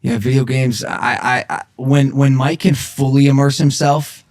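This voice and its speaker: A man's voice: mid-range voice, moderate pace, creaky, darkish tone. A young man hosting a podcast in casual chat, rambling with many restarts and fillers. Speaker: podcast host.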